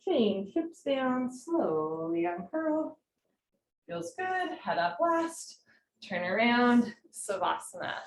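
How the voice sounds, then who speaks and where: A woman instructing a live yoga class from home, giving calm posture cues with chatty, encouraging asides. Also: a little high, slow, a little hiss or hum. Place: home room. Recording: roomy home recording.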